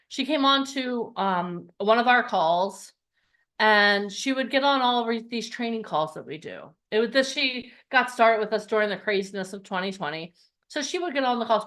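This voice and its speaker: A middle-aged woman hosting a live online event, telling success stories with excitement and talking straight to her viewers. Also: on the high side. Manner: excitable, talks straight to viewers and asks them to type in the comments. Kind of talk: animated storytelling pitch to a live audience.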